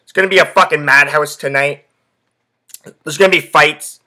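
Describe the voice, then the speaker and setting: A man's voice: fairly high pitch, fairly even intonation, normal speed, sharp tone. A young man hosting a sports podcast, telling a rambling story packed with swearing and fillers. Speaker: podcast host. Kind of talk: casual sports podcast chat.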